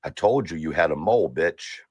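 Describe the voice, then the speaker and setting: A man's voice: rumbling low, lively intonation, fairly quick, darkish tone, husky, no room sound, lo-fi sound. A man ranting on a stream, taunting and cursing at a rival. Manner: taunting, profane, confrontational. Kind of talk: angry live-stream rant.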